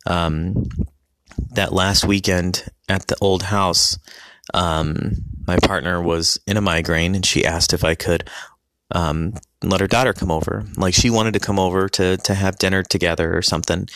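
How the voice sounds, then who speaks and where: A man casually telling a personal story about his family, halting with many ums and restarts. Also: deep voice, a bit bright, clear, resonant tone, no room sound, clean studio sound.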